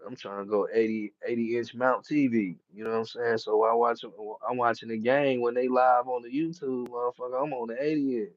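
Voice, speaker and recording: A man's voice: mid-range voice, steady tone, a little fast, few pauses, dry recording, muffled recording. A man chatting casually about boxing, heavy on street slang and profanity, laughing often. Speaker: boxing commentator. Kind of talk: casual chat.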